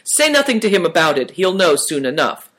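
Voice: medium pitch, sing-song, brisk, a bit bright. A reader voicing Good Fortune, a tired older man and caravan elder who sighs as he speaks, in a storybook reading. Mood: weary. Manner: sighing, tired.

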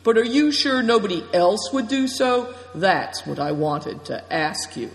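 A man's voice: sits high, expressive, measured pace, vocal fry, voice pushed up, heavily acted. A man voicing a shrewd, cautious male guide who speaks in firm warnings. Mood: pressing. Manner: warning, pressing. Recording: long reverb.

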